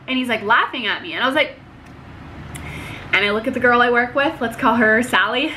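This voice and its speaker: Speaking at normal speed, this young vlogger recounts a work story to camera with a slightly high, sharp voice. She's casual and talkative, full of "like" and acted-out quotes, with a bit of background noise.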